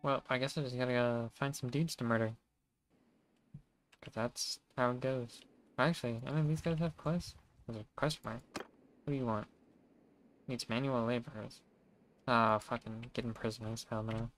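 A man's voice: mid-range voice, steady tone, moderate pace, pauses often. A man giving casual, profane, wry commentary to himself while streaming a video game.

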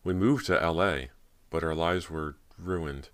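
A man's voice: low voice, a little slow, a bit bright, clean tone. A man voicing a nervous, haunted teenage girl actress, speaking with emotion and a tremble. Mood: anxious.

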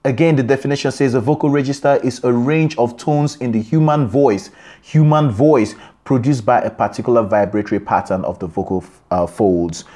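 A man's voice: medium pitch, moderate pace, mellow. A man teaching a singing lesson, explaining in short phrases and singing examples. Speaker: singing coach. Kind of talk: vocal lesson with sung examples.

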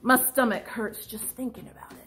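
Her voice is on the high side and fairly bright, fairly quick, with fairly even intonation, and faint music plays behind her. She's in her twenties, vlogging in a relaxed, confessional way about her own writing, poking fun at herself with dramatic flair, laughing a lot and letting out mock-anguished outbursts.

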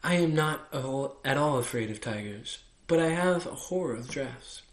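A vain and touchy storybook flower, coy and fussy as she makes her demands, read out by a man. The voice sits at a middling pitch. It is heard in an echoey room. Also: expressive, moderate pace, close to an everyday voice.

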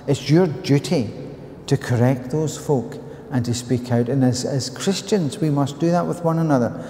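A man's voice: medium pitch, moderate pace, mellow, slight background noise. A man with a Northern Irish accent preaching a sermon in a church, earnest and full of storytelling, often restarting his sentences. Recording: echoey church reverb.

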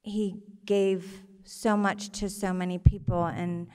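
A woman's voice: medium pitch, flat delivery, dark tone, clean tone, in a large hall. Woman telling a story on stage. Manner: earnest, halting, emotional. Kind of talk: live personal storytelling. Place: theater stage before an audience.

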